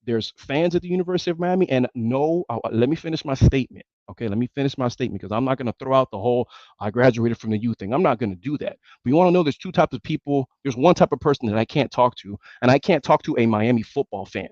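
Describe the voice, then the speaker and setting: A man's voice: mid-range voice, lively intonation, quick pace, a little mellow, no echo, muffled recording. A man hosting a sports talk show, ranting angrily and emphatically with lots of repetition. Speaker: sports radio show host. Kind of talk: heated sports talk rant.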